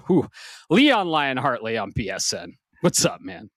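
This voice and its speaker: A man hosting a casual video game podcast, a little out of breath, talking in an animated, swearing, self-mocking way. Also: mid-range voice, slow pace, no room sound, studio quality. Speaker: podcast host. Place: home office upstairs.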